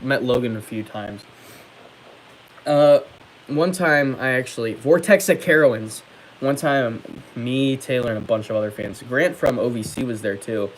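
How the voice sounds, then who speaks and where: A young man talks casually on his livestream at a middle pitch, chatting and answering viewer comments. There is faint noise behind him. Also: rough recording. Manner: chatty, reads comments aloud and answers them, many fillers. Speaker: livestream host.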